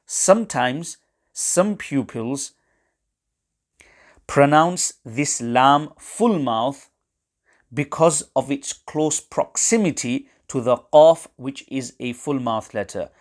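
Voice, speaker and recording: A man teaching correct recitation, explaining pronunciation errors in a measured, precise way. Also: mid-range voice, lively intonation. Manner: measured and precise, pausing between phrases. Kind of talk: slow, deliberate instructional explanation.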